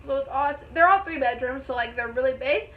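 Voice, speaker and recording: High-voiced young woman, tinny phone-like sound. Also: fast. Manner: rambling, excited retelling full of fillers. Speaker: vlogger. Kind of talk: casual storytelling vlog.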